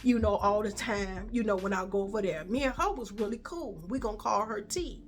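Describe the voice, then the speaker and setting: A woman's voice: medium pitch, brisk. Chatty woman telling a story. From Chicago. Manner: chatty, repetitive, addresses viewers as y'all and baby. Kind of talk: casual storytime.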